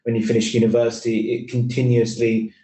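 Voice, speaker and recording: An earnest young man talks through his career on a panel, stopping and restarting his sentences often. His voice is mellow and dark, and it sounds roomy and a little far from the mic. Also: medium pitch, completely flat delivery, a little fast. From East London, England. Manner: earnest, rambling with many restarts. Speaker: finance employee, panel speaker. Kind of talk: casual panel talk.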